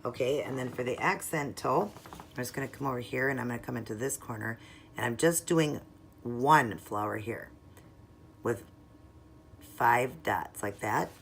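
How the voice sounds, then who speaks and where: A woman walking viewers through a nail art tutorial in a chatty, step-by-step way, sometimes murmuring softly while she works. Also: a bass voice, normal speed, gravelly, long pauses, a little hiss or hum. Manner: chatty, explains each step, drops into soft murmurs while working.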